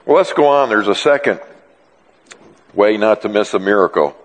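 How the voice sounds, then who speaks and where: A male pastor preaching a sermon in an animated, joking way, often acting out dialogue. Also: on the low side, normal speed. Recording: long reverb in a large hall.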